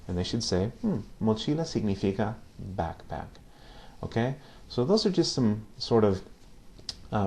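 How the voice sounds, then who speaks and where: A man's voice: on the low side, dark tone. A man teaching a casual video lesson on Spanish phrases, patiently repeating each phrase and checking in with "okay?".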